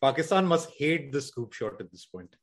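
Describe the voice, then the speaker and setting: A man's voice: mid-range voice, big pitch swings, moderate pace. A man co-hosting a podcast in casual cricket chat, rambling with many restarts and hedges. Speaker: podcast co-host.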